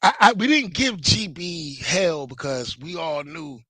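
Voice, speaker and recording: A man's voice: fairly high pitch, big pitch swings, measured pace, sharp tone, dry recording, rough recording. A man telling long, rambling stories in casual, profane chat, with many fillers and restarts. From Virginia, US. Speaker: show co-host.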